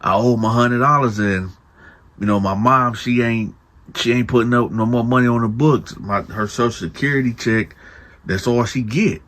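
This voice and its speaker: A man voicing a scared, ashamed young male inmate who talks in a hesitant, halting way and repeats himself. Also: mid-range voice, fairly bright tone, lightly acted. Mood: troubled.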